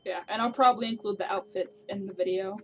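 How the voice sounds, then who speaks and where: A woman's voice: mid-range voice, steady tone, fast talker, fairly bright tone, a little hiss or hum, poor audio. A woman running a tabletop role-play game as game master, narrating in a dry, matter-of-fact way.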